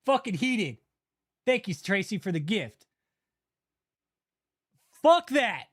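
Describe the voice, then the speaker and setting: Male streamer, very high pitch, furious, swearing constantly, ranting commentary. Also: big pitch swings, slow pace. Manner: angry, profane, ranting. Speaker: channel host. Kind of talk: livestream commentary rant.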